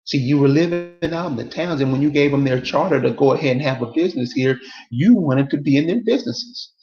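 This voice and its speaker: A man's voice: on the high side, lively intonation, brisk, a little mellow, echoey room, muffled recording. A man delivering a casual, emphatic monologue to his viewers, repeating rhetorical questions over and over. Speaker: online commentator.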